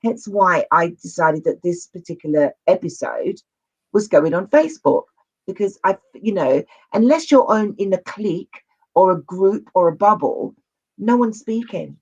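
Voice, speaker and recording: A man's voice: high voice, lively intonation, moderate pace, vocal fry. A man speaking as an interview guest on men's mental health, earnest and rambling, often repeating himself. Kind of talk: casual conversational interview. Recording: dull lo-fi audio.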